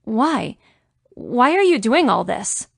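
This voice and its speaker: A woman's voice: fairly high pitch, sing-song, takes it slowly, creaky, husky, no room sound, studio quality, exaggerated voice. A woman reading an audiobook voices a confident, protective Russian man who owns a nightclub, speaking in a firm, clipped way with a Russian accent. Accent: Russian, as put on.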